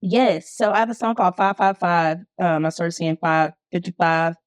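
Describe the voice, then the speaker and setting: Animated woman telling her story. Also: lowish voice, moderate pace, no echo. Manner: animated, expressive storytelling with emphatic bursts. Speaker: guest, singer. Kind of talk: candid conversation.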